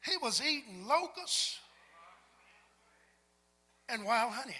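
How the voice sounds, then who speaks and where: A man preaching a sermon as pastor, talking with the congregation and building up to shouts. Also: very high-pitched, animated, a little slow, breathy edge. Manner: preacherly, call-and-response, climbs to shouts. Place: large church sanctuary. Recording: long hall reverb in a large sanctuary.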